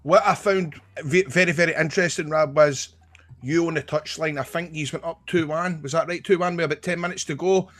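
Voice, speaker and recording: Teasing Scottish podcast host. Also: male voice, on the high side, steady tone, fairly quick, a bit bright. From Scotland. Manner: joking, teasing banter. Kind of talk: casual chat.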